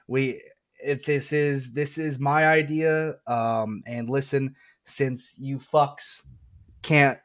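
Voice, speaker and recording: A man's voice: mid-range voice, fairly even intonation, takes it slowly. A man hosting an online debate stream, lecturing crudely and with self-assurance.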